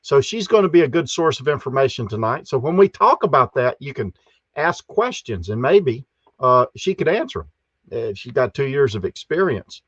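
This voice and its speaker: A man's voice: mid-range voice, big pitch swings, moderate pace, a bit bright, breathy edge, no room sound, highs cut off. A man hosting a live stream, greeting chat viewers one by one in a folksy way. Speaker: host.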